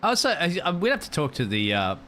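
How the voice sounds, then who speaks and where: A man's voice: fairly high pitch, wildly swooping pitch, a little fast, pushed and bright, a little hiss or hum. A man co-commentating a sim racing broadcast, chatting and joking with his partner between the action.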